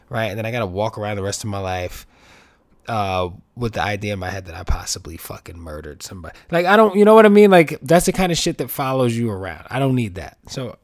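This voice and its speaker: A man's voice: medium pitch, dry recording, clean studio sound. A young man telling a profane, rambling comedy story, acting out both sides of the conversations.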